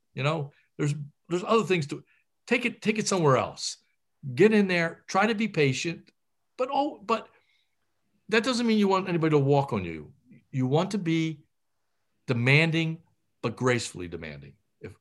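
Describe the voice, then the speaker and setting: High-energy middle-aged surgeon giving advice. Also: male voice. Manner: animated, energetic, with frequent fillers and restarts. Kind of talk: interview advice.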